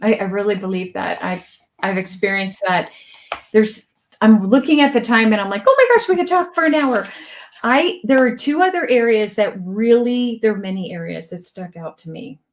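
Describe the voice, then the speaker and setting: A middle-aged woman co-hosting a podcast interview, talking in an effusive, emotional and lively way. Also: mid-range voice, moderate pace. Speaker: podcast co-host. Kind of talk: casual interview chat.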